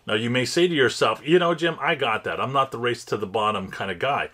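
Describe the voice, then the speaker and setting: A man's voice: medium pitch, fairly quick, pushed and bright. A man hosting his own channel, talking casually and at length about buying and selling, with frequent fillers and restarts. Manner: conversational, many fillers and restarts, rising emphatic openers. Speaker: host. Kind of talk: casual advice monologue.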